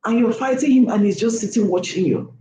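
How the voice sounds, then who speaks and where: A woman's voice: fairly high pitch, brisk, warm tone. A woman delivers a passionate vlog monologue. She lectures the listener and hammers home her points with repeated rhetorical questions. Her voice bounces around a roomy space over a faint background hum. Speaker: vlogger. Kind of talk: impassioned opinion monologue.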